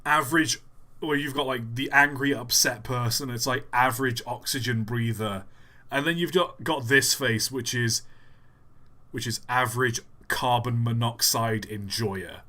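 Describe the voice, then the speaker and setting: A man's voice: mid-range voice, unhurried, bright, forceful tone. A man streaming a game live, rambling and getting sidetracked as he reacts. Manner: rambling, easily sidetracked, laughs often. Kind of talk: casual live stream commentary.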